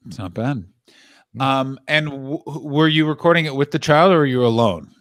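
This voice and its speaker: A man's voice: medium pitch, moderate pace, fairly bright tone, no echo, studio quality. A man hosting a comedy podcast, playful and quizzing his guest in casual chat. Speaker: podcast host.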